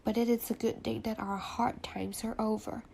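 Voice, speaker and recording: A woman with a stuffy nose reading the part of a fond, condescending husband in her own soft voice, with faint hiss behind her. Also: on the high side, little pitch movement, moderate pace, creaky.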